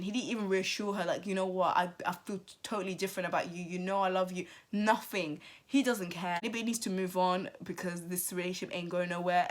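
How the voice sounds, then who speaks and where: A woman giving animated, sassy commentary on a reality TV show, talking straight to her viewers with emphatic asides. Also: on the low side. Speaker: TV commentary vlogger.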